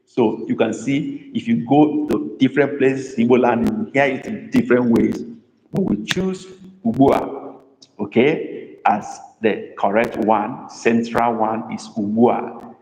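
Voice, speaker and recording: A man's voice: mid-range voice, flat delivery, unhurried, a little mellow, roomy sound, big-room sound, low-quality recording. A man with a Nigerian accent teaching a live online language lesson, chatty and teasing as he calls on students by name. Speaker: Igbo language tutor.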